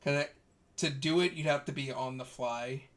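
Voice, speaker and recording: A man narrates a tabletop role-playing session as its game master. His voice sits at an ordinary middle pitch, and he talks in a loose, easygoing way, often restarting his sentences as he goes. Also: normal speed. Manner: relaxed storytelling with fillers and restarts.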